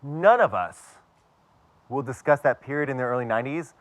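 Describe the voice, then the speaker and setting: Man from pittsburgh, wry self-mocking storyteller, mid pitch, live audience vibe. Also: animated, normal speed, dry recording, highs cut off. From Pittsburgh, USA.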